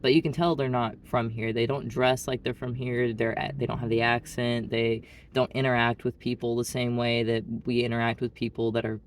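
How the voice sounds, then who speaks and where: A vlogger from Arkansas, with a Southern US Arkansas accent, tells a story in a blunt, rambling, casual monologue packed with "like". His mid-range voice stays level at a moderate pace, with a little hiss or hum in the audio.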